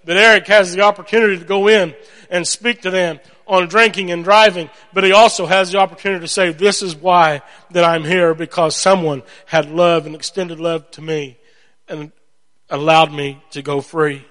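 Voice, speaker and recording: Guy preaching, kinda high voice, big echoey hall, tells stories and acts out voices. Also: moderate pace. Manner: animated storytelling, acts out voices. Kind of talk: sermon. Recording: long hall reverb.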